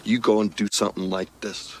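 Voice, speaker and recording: An exasperated gravelly scolder. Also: male voice, fairly low pitch, little pitch movement, brisk. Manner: scolding, then a sudden shouted turn. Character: exasperated grown man scolding a friend. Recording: noisy film clip audio.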